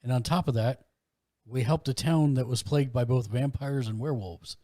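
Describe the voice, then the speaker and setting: A man's voice: mid-range voice, moderate pace, dark tone, no room sound, clean studio sound, lightly acted. A man voicing an earnest male adventurer in a tabletop game, urging a mayor to accept help. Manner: earnest and persuasive.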